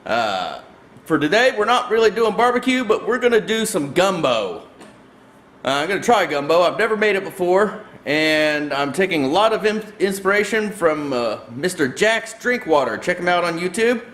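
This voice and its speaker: Male cooking host, high voice, laid-back folksy demo delivery. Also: moderate pace. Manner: relaxed, folksy, talks viewers through each step. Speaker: host of a barbecue cooking channel. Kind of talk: casual cooking demonstration.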